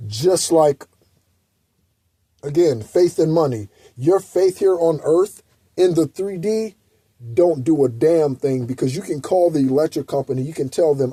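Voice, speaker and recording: A man's voice: on the high side, a little slow, mellow, breathy edge, no room sound. A man hosting a spiritual guidance channel, giving a blunt, preachy, profane motivational talk. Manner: blunt, preachy, heavy swearing.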